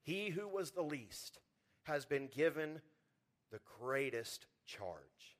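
Male pastor, sermon delivery, slightly high voice, lively swings from loud to hushed, repeats words at starts. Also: slow pace. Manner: animated preaching, swings from loud emphasis to quiet low lines.

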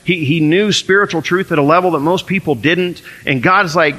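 Guy preaching a sermon, bright tense voice, acts out little back-and-forths, long church reverb. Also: fairly high pitch, moderate pace. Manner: earnest preaching, quotes scripture and acts out dialogue. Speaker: pastor.

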